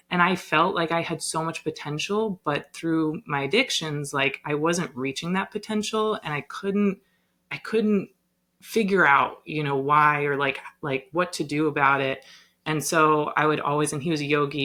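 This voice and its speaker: A young woman, a yoga teacher, telling a personal story in a casual podcast chat, animated and full of "like" and "um". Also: deep voice. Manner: animated, lots of "like" and "um".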